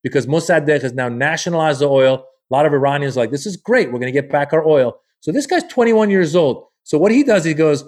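A man's voice: fairly high pitch, fast talker, hardly any pauses. A man, a comedian guest, telling a long story in a casual podcast chat, acting out the people he quotes in a loose, profane way. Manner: animated, acts out quoted people.

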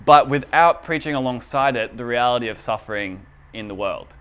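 A man's voice: medium pitch, a little fast, fairly bright tone, smooth. A man giving a casual, chatty teaching talk in a church room, often asking the audience whether they follow. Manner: chatty and informal, asks the audience for agreement.

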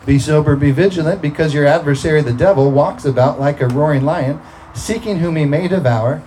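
A man's voice: a little high, a little fast, dark tone, a little hiss or hum, low-quality recording. A man preaching a sermon, talking through scripture in a conversational way and breaking into emphatic bursts.

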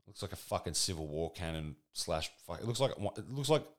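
Casting: low-voiced man, rambling, profane, sardonic comedy monologue. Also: animated, a little fast. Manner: rambling, crude, sardonic, full of fillers.

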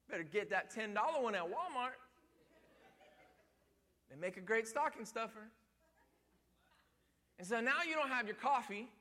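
A male pastor with a very high, bright voice preaches a sermon in a church sanctuary. He talks in a folksy, conversational way and keeps circling back to repeat his points. His voice rings out with the long reverb of a large hall.

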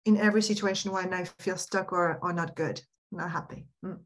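A woman mindset and happiness coach, a guest on a podcast, talking in a casual, reflective way with frequent restarts and soft laughs. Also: on the low side, fairly even intonation, fairly quick.

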